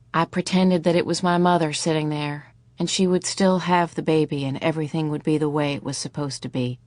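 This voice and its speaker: A woman narrating a novel in first person, calm and measured, in a studio. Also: on the low side, no echo. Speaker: audiobook narrator. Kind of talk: scripted narration.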